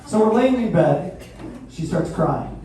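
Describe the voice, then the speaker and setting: A man in his thirties doing a crude stand-up comedy set with sudden loud outbursts. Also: fairly high pitch, lively intonation, a little slow. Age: 30s. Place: live venue hall. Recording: echoey hall from far off, faint noise.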